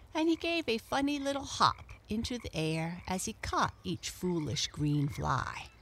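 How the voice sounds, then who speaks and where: A woman storyteller reads a children's story aloud gently and expressively, in a fairly low-pitched voice.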